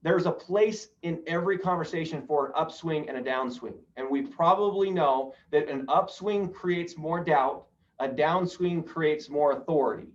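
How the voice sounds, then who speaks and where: A man with a fairly high voice runs a live sales training, talking his trainees through each point and tossing questions to the group before answering them himself. He sounds set back from the mic. The audio is muffled and lo-fi. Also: normal speed. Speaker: real estate sales trainer. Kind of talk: live training talk on rapport. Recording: distant, dull lo-fi sound.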